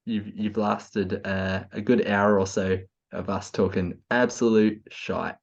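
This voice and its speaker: A man's voice: fairly low pitch, fairly even intonation, slow pace, gravelly. Tipsy Australian man co-hosting a footy podcast, gushing and giggly, slightly muffled lo-fi recording. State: tipsy from beer. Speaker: podcast co-host. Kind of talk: casual football podcast chat.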